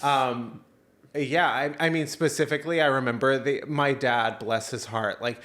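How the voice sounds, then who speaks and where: A podcast co-host in his thirties tells a story during casual conversation, animated and full of fillers, restarts and self-interruptions. He speaks at medium pitch and an unhurried pace.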